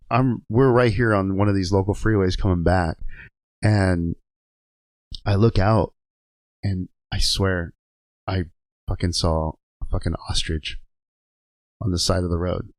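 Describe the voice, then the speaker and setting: A man's voice: low-pitched, fairly even intonation, measured pace, long pauses, no echo. A man, a truck driver and guest on a podcast, telling rambling, profane stories in a casual chat and laughing as he goes. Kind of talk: casual storytelling. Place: podcast studio.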